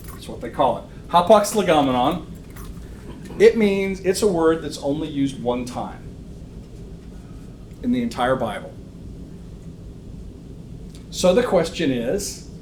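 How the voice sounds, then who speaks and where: A man teaching a church Bible lesson to a live class. He speaks conversationally, says "um" often and keeps checking in with "okay?". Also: a little high. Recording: roomy echo, faint room noise.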